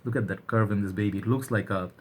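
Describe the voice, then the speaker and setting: A man's voice: fairly low pitch, fast, slight background noise. A man chatting energetically to camera as a fragrance reviewer. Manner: chatty, energetic, keeps saying "all right". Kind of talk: casual chat to camera.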